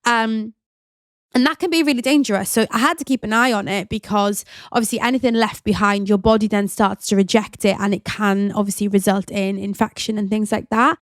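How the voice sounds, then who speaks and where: A woman's voice: mid-range voice, fairly even intonation, a little fast, no room sound. Chatty woman, very dry sound. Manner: chatty and open, many "like" fillers. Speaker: podcast host. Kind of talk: candid personal storytelling.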